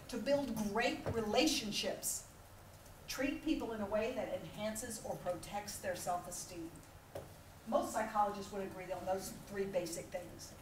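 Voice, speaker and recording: A lively woman with a high voice gives a motivational keynote in a large, echoey conference hall, animated and funny as she acts out little scenes with laughter. She sits far from the mic, and a faint hiss or hum runs underneath.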